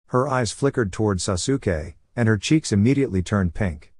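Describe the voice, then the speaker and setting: A man narrating a story in a steady, even storytelling voice. His voice sits fairly low, and the recording is close and dry with no room sound. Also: normal speed, few pauses, breathy edge, dry recording. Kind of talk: scripted narration.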